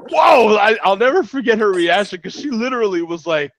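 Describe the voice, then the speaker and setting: Laughing, animated middle-aged man on a call. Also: high-pitched, a little fast. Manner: animated, laughing storyteller with frequent "you know what I'm saying". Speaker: regular panelist. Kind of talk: casual storytelling chat. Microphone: video call. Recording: dull lo-fi video call audio.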